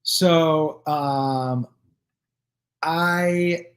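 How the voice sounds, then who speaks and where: Animated man telling stories casually. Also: fairly high pitch, drawn-out words. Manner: animated, acts out quoted dialogue with "I go" and "he goes"; loose and profane, with restarts and fillers. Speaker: comedian hosting his own live stream. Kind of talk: casual storytelling to viewers.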